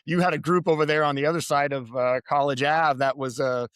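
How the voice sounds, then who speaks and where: A man hosting a podcast, asking questions in a relaxed, joking way and chuckling along. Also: on the high side, a little fast, smooth, no room sound, studio quality. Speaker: podcast host. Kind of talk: casual interview chat.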